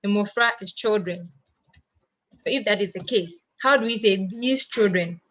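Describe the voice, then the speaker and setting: A woman's voice: medium pitch, measured pace, a bit bright. A woman teaching an online language lesson, explaining step by step and answering her own questions as she goes.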